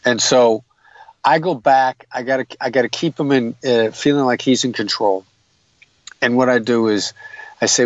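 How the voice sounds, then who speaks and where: A man's voice: medium pitch, normal speed, no echo, lo-fi sound. A man explaining negotiation tactics in an interview, earnest and methodical, often restarting his sentences. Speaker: guest, hostage negotiator.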